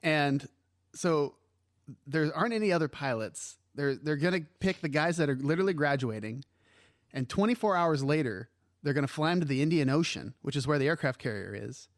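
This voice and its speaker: A man's voice: on the high side, lively intonation, a little fast, no room sound, clean studio sound. A man co-hosting a casual movie podcast, ranting emphatically and swearing freely. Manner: emphatic, swears a lot, rants. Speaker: podcast co-host.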